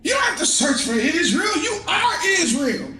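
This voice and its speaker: Impassioned preacher man, high and echoey. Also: sing-song, moderate pace, faint music behind. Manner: impassioned, shouting and laughing, swings between high and low. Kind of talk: street sermon.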